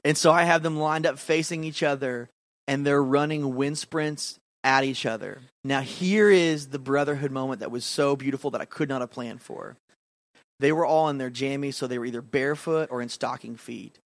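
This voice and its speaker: Male podcast co-host, lively storyteller, dry close-miked sound. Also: medium pitch, normal speed, dry recording. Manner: animated, acts out quotes, laughs often. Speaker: podcast co-host, youth pastor. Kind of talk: casual storytelling chat.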